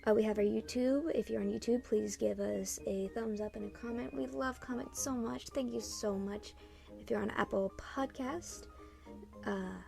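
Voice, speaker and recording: A woman with a slightly high, gravelly voice narrates a tabletop role-playing story as the dungeon master. Her delivery is informal and chatty, with faint music in the background. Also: a little mellow. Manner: chatty and informal in outro, with fillers.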